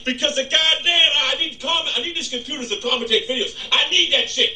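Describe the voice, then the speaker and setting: High, bright-voiced ranting man. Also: quick pace, far from the mic. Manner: angry, profane, shouting outbursts. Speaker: gaming YouTuber. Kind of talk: profane ranting vlog. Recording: echoey room, off the mic.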